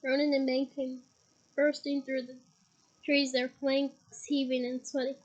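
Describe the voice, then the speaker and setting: A young woman with a head cold reading a novel aloud, telling the story with steady, dramatic emphasis. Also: sits high, measured pace, highs cut off. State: head cold, occasional coughing. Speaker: reader.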